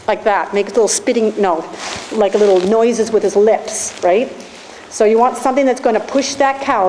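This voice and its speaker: A woman with a fairly high voice coaches riders live, giving steady directions and encouragement. She is recorded in an echoey indoor arena with faint background noise. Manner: encouraging, directive, talks through instructions. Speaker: riding instructor. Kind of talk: live coaching during a riding lesson.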